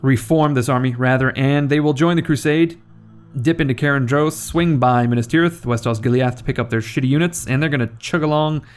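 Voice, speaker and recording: A man's voice: medium pitch, fairly quick, smooth, faint music behind. A young man giving casual, rambling game commentary, joking and self-deprecating as the host. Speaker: gaming video host.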